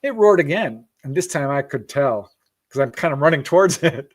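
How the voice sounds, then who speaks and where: Animated, laughing male storyteller. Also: on the high side, fairly quick. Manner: animated storyteller, acts out quoted voices, laughs often. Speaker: guest. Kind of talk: casual storytelling interview.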